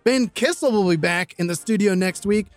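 High-voiced man hosting a podcast. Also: moderate pace, no room sound, faint music behind. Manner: loose, jokey, puts on silly voices. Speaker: podcast host. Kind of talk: casual chat.

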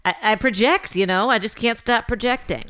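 A woman's voice: on the high side, brisk, fairly bright tone, clear, resonant tone. A young adult woman co-hosting a podcast, chatting in a gossipy way and laughing often. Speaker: podcast co-host. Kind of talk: casual chat.

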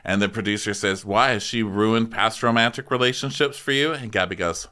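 A man with a bright, crisp, clear voice who recaps reality TV for laughs. He slips into high, exaggerated impressions of the people he describes. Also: a little fast. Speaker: podcast co-host.

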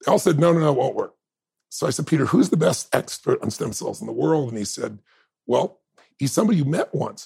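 A man's voice: a little high, a little mellow. A man in his fifties, a podcast guest, telling a personal story with energy, acting out quoted dialogue and laughing often. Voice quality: gravelly, husky. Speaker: interview guest. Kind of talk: animated storytelling in conversation.

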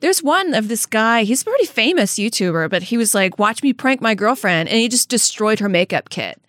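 Young woman co-host with a higher, lively voice that swoops up and down. She chats in a sarcastic, animated way, laughing easily, recorded close and dry. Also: brisk, dry recording. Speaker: podcast co-host. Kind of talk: casual podcast chat.

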